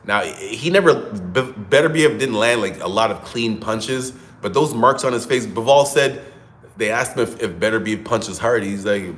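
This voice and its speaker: A man's voice: on the low side, normal speed, fairly bright tone. A man hosting casual solo boxing commentary, talking in a conversational, opinionated way and thinking aloud. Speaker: boxing commentator, show host.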